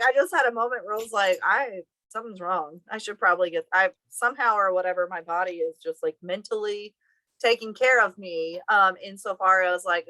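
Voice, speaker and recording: A woman college instructor chatting casually with a co-teacher, telling stories with animated, playful exasperation. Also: medium pitch, no echo, low-quality recording.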